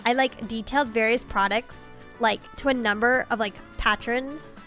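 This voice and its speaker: A woman's voice: a little high, fairly even intonation, normal speed, fairly bright tone. A young adult woman chatting casually while she plays a game, rambling and saying "like" constantly. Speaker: streamer. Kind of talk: casual gameplay commentary. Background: faint game music.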